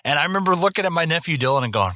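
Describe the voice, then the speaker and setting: Young male podcast co-host, casual film talk, swears freely, bright, dry close mic. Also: fairly high pitch, racing, no room sound. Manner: profane, animated storytelling with put-on voices.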